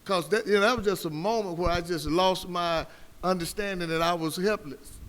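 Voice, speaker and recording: A man's voice: high voice, moderate pace, a bit bright. A man on a discussion panel, telling stories and making his point in an emphatic, preacherly way. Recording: hall reverb with faint background noise.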